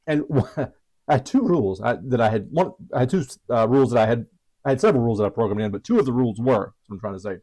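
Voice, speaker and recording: A man's voice: mid-range voice, quick pace, mellow, low-quality recording. A man teaching about trading strategies in a casual, chatty way, self-deprecating with frequent restarts and asides. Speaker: trading educator.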